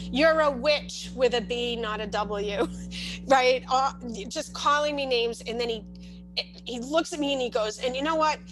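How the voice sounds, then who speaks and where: A woman's voice: a little high, rough recording. A woman telling a long personal story as a parent, in casual talk with many restarts and asides. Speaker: parent sharing her experience.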